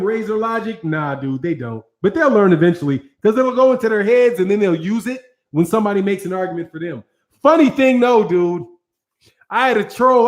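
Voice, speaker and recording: A Midwestern American man hosting a casual livestream, his speaking voice sitting high for a man. He talks in an animated, profane way and answers viewers' chat as he goes. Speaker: host.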